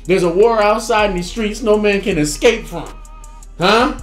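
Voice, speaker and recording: A young man hosting a reaction video, chatting casually and dropping from a raised voice into low, laid-back asides. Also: moderate pace. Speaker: reaction channel host. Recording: roomy room with music underneath.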